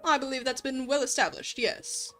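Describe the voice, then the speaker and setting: A woman's voice: high voice, moderate pace, fairly bright tone, faint music behind. Woman doing the Cheshire Cat, smug and teasing. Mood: dry teasing. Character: smug, polite male talking cat.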